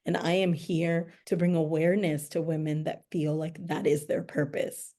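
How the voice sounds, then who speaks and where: A woman's voice: deep voice, little pitch movement, normal speed, dark tone. A young adult woman hosting a podcast, speaking earnestly in casual conversation and repeating herself for emphasis. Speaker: podcast host.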